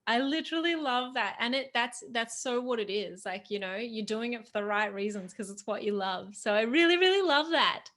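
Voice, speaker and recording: A woman's voice: on the high side, moderate pace, few pauses, a bit bright. A woman hosting an interview, enthusiastic and gushing as she sets up her questions. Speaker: host. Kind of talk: casual interview talk.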